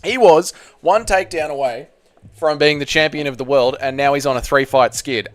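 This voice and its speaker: On a dry recording, an Australian man with a slightly high voice hosts a live stream for his channel, reading viewer chat aloud and answering it with crude, joking banter.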